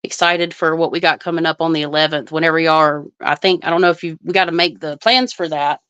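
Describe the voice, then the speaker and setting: A woman hosts an astrology livestream, chatting casually and thinking aloud as she reads viewer comments. Her voice is smooth and close-miked with no room echo. The sound is a bit dull and lo-fi. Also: sits low, fairly even intonation, quick pace, a bit bright.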